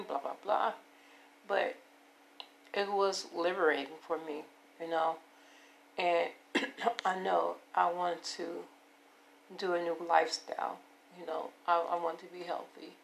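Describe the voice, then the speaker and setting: A woman in her fifties with a hoarse voice, rambling and repeating herself as she talks to her viewers about taking care of herself. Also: on the low side, level tone, a little slow, long pauses, a little hiss or hum. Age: 50s. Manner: rambling, repetitive, self-affirming. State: hoarse, voice giving out. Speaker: vlogger. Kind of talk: casual personal monologue.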